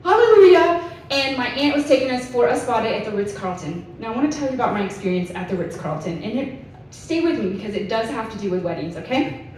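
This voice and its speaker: A woman's voice: fairly high pitch, lively intonation, fast talker. Chatty woman in an echoey hall. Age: 30s. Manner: chatty storyteller, lots of "like". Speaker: conference speaker. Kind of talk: storytelling conference talk. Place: conference hall. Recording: echoey hall, voice from far off, faint hiss.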